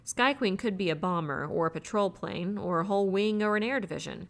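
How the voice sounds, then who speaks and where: A woman reading a novel aloud as an audiobook, in an even, measured way, voicing the characters' lines herself. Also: mid-range voice, vocal fry. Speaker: audiobook reader. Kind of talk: audiobook narration.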